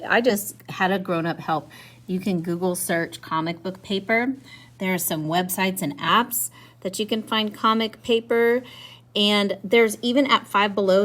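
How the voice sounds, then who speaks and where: A woman teaching young children, upbeat and encouraging in an average-pitched voice. She keeps her explanations friendly and cheerful. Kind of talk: lesson for children.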